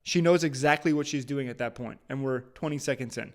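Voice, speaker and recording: A man's voice: on the high side, brisk. Man giving emphatic reaction commentary. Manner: conversational, emphatic, with restarts. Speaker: video commentator.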